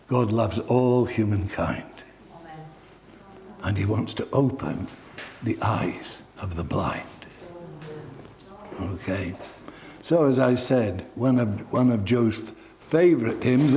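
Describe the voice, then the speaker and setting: Guy preaching a heartfelt sermon, takes his time, medium pitched voice. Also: a little mellow, slight background noise. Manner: earnest, heartfelt storytelling.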